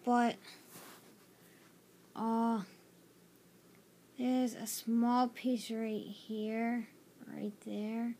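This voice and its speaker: A woman hosting a casual building tutorial, hesitant and filler-heavy, often apologizing, recorded on a tablet's built-in mic. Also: on the high side. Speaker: tutorial host. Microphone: tablet camera mic.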